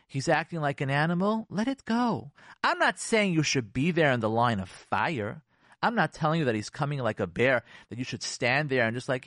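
A man with a fairly high voice, recorded dry and close, hosts a religious radio talk. He is animated: he jumps into acted-out quotes of spouses and prayers, then sinks to a soft, hushed tone. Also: normal speed, dry recording. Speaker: radio host giving Torah talk.

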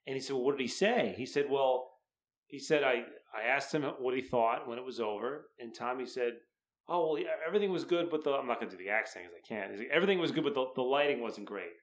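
A man's voice: mid-range voice, fast talker. A man on a casual podcast telling anecdotes and acting out quoted lines. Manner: storytelling with quoted asides. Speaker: podcast co-host. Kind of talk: casual chat.

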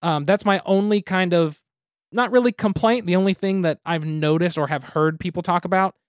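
A man's voice: sits high, moderate pace, no room sound, studio quality. Easygoing man reviewing on a podcast. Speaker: podcast host. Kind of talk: casual podcast chat, beer and game review.

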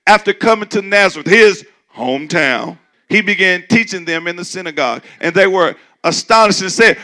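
A male pastor with a high, bright, gravelly voice delivers a sermon in a relaxed, conversational style. He swings from low, muttered asides to shouted points. When he quotes skeptics, he jumps into a squealing, mocking voice. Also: moderate pace, few pauses.

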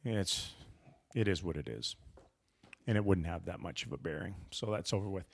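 A man's voice: deep voice, moderate pace, creaky, breathy edge. A man hosting a casual sports podcast, talking in a wry, teasing, rambling way. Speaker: podcast host.

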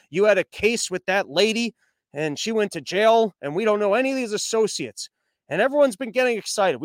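A young man rambles through the news with a sarcastic, mocking edge, stopping to read sponsor spots. His voice sits high and comes through smooth and clean. The close mic leaves it dry, with no room sound. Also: no echo. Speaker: news commentary host. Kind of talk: sarcastic news commentary with ad reads.

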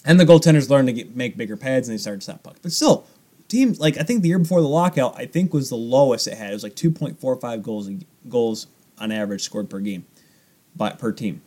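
A man's voice: mid-range voice, brisk. A young man co-hosting a podcast, rambling in casual chat about hockey and goaltending. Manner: animated, rambling hockey talk. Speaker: podcast co-host.

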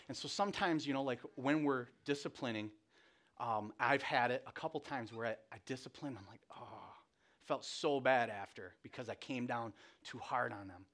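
A man preaching a relaxed, conversational sermon, telling family stories with lots of restarts and self-deprecating asides. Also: medium pitch, moderate pace.

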